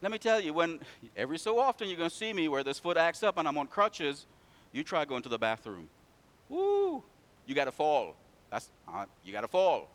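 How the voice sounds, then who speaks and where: A man preaching a sermon in church, telling stories and calling out to the congregation, swinging from loud to hushed. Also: on the high side, animated, a little fast.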